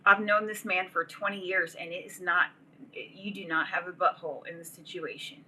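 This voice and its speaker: A woman's voice: lowish voice, steady tone, moderate pace, pushed and bright, breathy edge, rough recording. A woman hosting a livestream, ranting casually in a profane, rambling way and laughing often. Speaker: livestream host.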